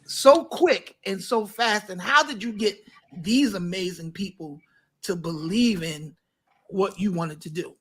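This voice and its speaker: A man who is a pastor, hosting a casual talk show and warmly bringing guests to the stage. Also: high-pitched, measured pace, breathy edge. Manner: lively, hypes up guests. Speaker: pastor and host.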